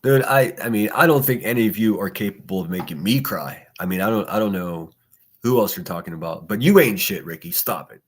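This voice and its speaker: A man's voice: on the low side, a little fast, husky. Mocking, profane man hosting a livestream. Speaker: podcast host. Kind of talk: solo livestream reaction commentary.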